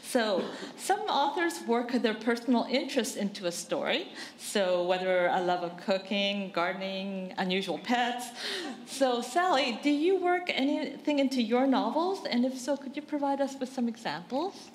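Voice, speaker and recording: A woman's voice: on the high side, lively intonation, normal speed, hardly any pauses. A woman moderating an author panel, asking questions with a giggly manner. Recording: echoey hall, faint noise.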